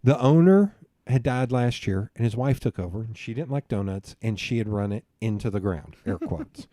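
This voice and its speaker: A man's voice: fairly low pitch, lively intonation, moderate pace, warm tone, no room sound, clean studio sound. A man in a podcast interview, telling a long, profane story with laughs along the way. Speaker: podcast guest. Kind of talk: casual storytelling chat.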